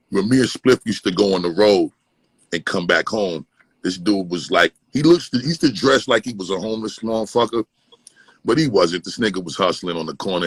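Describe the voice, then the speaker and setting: A man from Brooklyn, telling animated, profane stories as a guest and slipping into impressions. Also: low voice, slightly rough, dry recording, low-quality recording. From East Flatbush, Brooklyn, New York. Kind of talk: casual storytelling.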